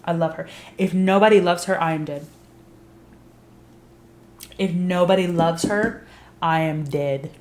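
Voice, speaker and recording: A woman's voice: fairly low pitch, a little slow, pauses often, darkish tone. A young adult woman recapping a TV series in casual, blunt, emphatic talk, swearing freely. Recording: roomy echo.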